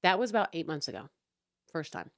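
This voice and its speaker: A woman's voice: low-pitched, big pitch swings, a little fast, a bit bright, no echo, clean studio sound. Exasperated, foul-mouthed woman ranting. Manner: exasperated, profane, sarcastic. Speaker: podcast host. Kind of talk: casual storytelling rant.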